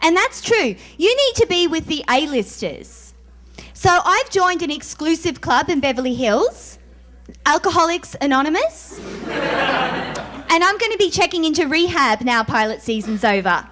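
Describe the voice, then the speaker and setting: Australian female stand-up, dry and self-mocking, very high, lively voice. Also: normal speed. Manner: sardonic, self-mocking punchlines. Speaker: stand-up comedian. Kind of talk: stand-up comedy set.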